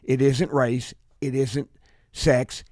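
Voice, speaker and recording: A man's voice: mid-range voice, level tone, slow, a little mellow, no echo, clean studio sound. An American man hosting a political talk radio show, speaking earnestly and often restarting his sentences. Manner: earnest, many restarts and repeated words.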